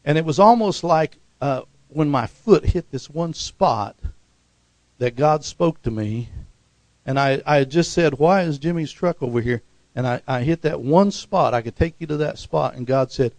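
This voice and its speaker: A preacher, a man, tells stories from the pulpit in a higher-than-usual gravelly voice. He leaps up into loud, excited peaks, acts out the voices of people in his stories and keeps calling out for an amen. The sound is close and dry, with no room echo. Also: normal speed. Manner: calls for "amen" and "hallelujah" response. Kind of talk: sermon with storytelling.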